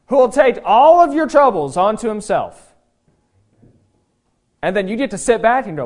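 A man preaching a sermon, emphatic and animated, often acting out voices in his quotes. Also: high voice, moderate pace, pauses often. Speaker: pastor.

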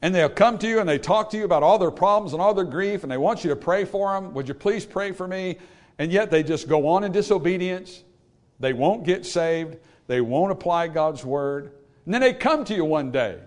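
A male preacher delivering a sermon, his voice sitting a little high for a man. He moves between quiet, careful explanation and loud, emphatic appeals to the congregation. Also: lively intonation, fairly quick. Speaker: pastor.

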